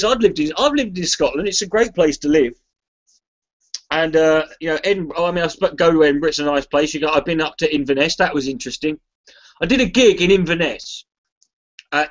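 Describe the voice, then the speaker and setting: Rambling, swearing Englishman with a high voice. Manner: rambling, swears freely, restarts sentences. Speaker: charity livestream contributor. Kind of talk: casual rambling chat to a live stream. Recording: slightly muffled lo-fi stream audio.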